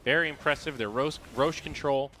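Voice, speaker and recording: A man calling a live esports match as play-by-play commentator, animated and joking, rising in pitch at big plays. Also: a little fast. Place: broadcast studio. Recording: steady background noise.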